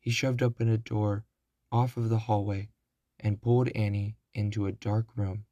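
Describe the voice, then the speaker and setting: A man narrating a children's storybook aloud, slow and deliberate. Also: on the low side, flat delivery, warm tone, dry recording, dull audio.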